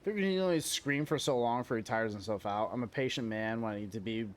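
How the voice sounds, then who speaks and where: A man voicing a grizzled, hardened male war veteran, speaking low, slow and grim. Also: natural voice.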